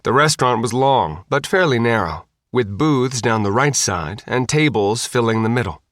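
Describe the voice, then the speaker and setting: A man reads an audiobook with a lively, expressive rise and fall, shifting his voice for each character. The sound is close and dry, with no room echo, so each line comes through plainly. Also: mid-range voice, normal speed. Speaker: audiobook narrator. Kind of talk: audiobook narration.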